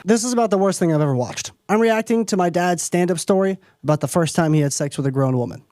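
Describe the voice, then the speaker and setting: A man's voice: high-pitched, fast talker, darkish tone. A young man giving teasing, wry commentary while reacting to a video. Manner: wry, teasing, dry remarks.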